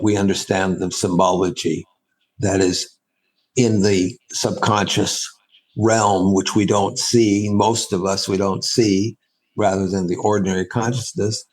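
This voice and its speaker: A man, a spiritual teacher, giving a reflective answer in an interview, halting and restarting as he thinks. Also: fairly low pitch, poor audio. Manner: halting and thoughtful, with frequent restarts and pauses.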